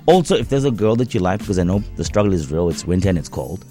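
A man co-hosting morning radio in loose, slangy banter. His lower voice swings widely in pitch, and faint music plays under the talk. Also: fast. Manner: animated, slangy, pitch jumping up for emphasis. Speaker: radio breakfast show co-host.

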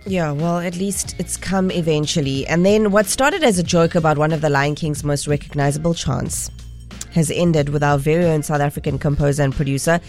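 A woman's voice: sits low, a little fast, a little mellow, faint music behind. A woman co-hosting a morning radio show, chatting casually while relaying news stories. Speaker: radio co-host.

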